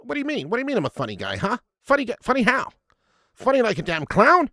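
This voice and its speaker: A man doing a high, menacing gangster. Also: wildly swooping pitch, fast talker, bright, forceful tone, no echo, studio quality, full character voice. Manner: needling, confrontational questions. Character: high-pitched, menacing New York gangster, touchy and aggressive.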